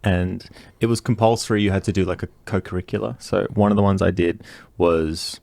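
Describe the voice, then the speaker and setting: A man's voice: low voice, fairly even intonation, a little fast, gravelly, a little mellow. A young man co-hosting a podcast, talking in a casual, rambling way and laughing often. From Australia. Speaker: podcast co-host. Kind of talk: casual chat.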